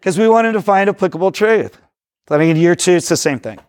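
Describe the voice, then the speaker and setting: High-voiced energetic man teaching a workshop. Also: fast talker, dry recording, clean studio sound. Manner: energetic, rambling, self-correcting, acts out dialogue. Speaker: discipleship workshop speaker. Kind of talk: teaching talk to a live audience.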